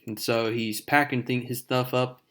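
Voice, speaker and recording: A man's voice: mid-range voice, steady tone, moderate pace, a bit bright. Chill guy recapping a comic, calls everyone folks, lots of ums. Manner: casual, fillers, addresses viewers as folks. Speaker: comic book recap narrator. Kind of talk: casual comic recap narration.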